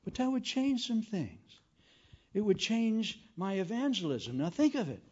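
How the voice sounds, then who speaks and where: Guy preaching, folksy jokes, kinda high voice, muffled old recording. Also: a little slow. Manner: folksy, joking, animated storytelling. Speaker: evangelist preacher. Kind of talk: humorous sermon. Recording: dull lo-fi recording.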